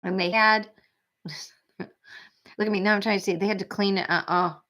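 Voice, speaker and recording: Woman, forties, livestream host, rambling chatty manner, bright tense tone. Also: mid-range voice, steady tone, normal speed. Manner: chatty, rambling, sympathetic with frequent laughs. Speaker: true crime livestream host. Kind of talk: casual livestream chat reading viewer comments.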